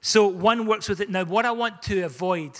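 A middle-aged pastor preaches in a high, bright voice. He speaks in a conversational way and pokes gentle fun at himself. The sound has the long reverb of a church hall. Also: moderate pace. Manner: conversational, self-deprecating humor. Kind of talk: sermon. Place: church sanctuary.

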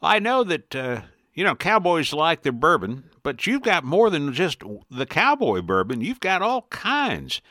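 A man's voice: on the high side, measured pace, hardly any pauses, no room sound, clean studio sound. A man hosting a podcast, chatting in a folksy, upbeat way as he introduces and interviews a guest. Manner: folksy, upbeat, lively intonation. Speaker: podcast host.

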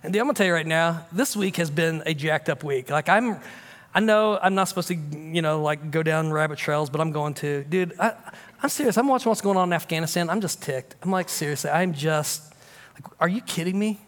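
A man's voice: a little high, fairly quick, a bit bright, long reverb tail. A man pastor preaching a sermon, swinging between emphatic declarations and casual, confiding talk.

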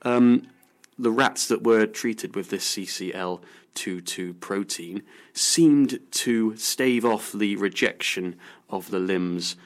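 Casting: low-voiced man, casual radio science host who rambles and restarts his sentences. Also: vocal fry. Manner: rambling with many fillers and restarts. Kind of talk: casual radio news chat.

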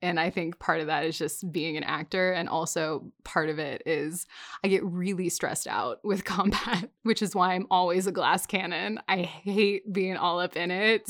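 A woman's voice: lowish voice, pushed and bright, no room sound, clean studio sound. A woman co-hosting a tabletop gaming podcast, enthusiastic and giggly in casual chat. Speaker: podcast co-host.

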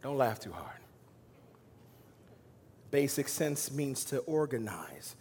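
A man preaching a sermon as pastor, swinging between loud emphatic lines and quiet, hushed asides. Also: mid-range voice, sing-song, takes it slowly, slightly rough, long reverb tail. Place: church sanctuary.

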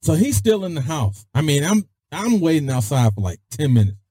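A man hosting his own podcast, telling stories in a casual, animated way and peppering his speech with mild cuss-word substitutes. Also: normal speed, husky, no echo, clean studio sound. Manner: animated, swings his voice high for emphasis; peppers speech with "freaking" and "daggone". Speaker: podcast host. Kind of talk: casual storytelling.

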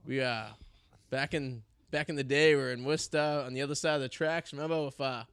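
A man's voice: medium pitch, steady tone, quick pace, a bit bright, clear, resonant tone, no room sound, studio quality. A man, hosting a casual, crude, joking podcast chat. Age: 30s. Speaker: podcast host. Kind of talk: casual banter.

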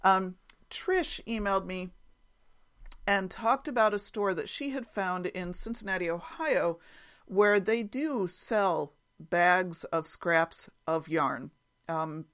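A woman's voice: lowish voice, slow pace, fairly bright tone. A woman hosting a quilting podcast, chatting casually through listener comments with frequent fillers and small laughs.

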